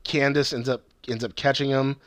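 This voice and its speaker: A young man tells a TV plot in a loose, rambling way. He swears freely and acts out the characters' lines. His voice sits at an ordinary pitch, and the sound is dry with no room echo. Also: little pitch movement, moderate pace, a bit bright. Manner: rambling, profane, acts out quotes. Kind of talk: casual chat recapping a TV series.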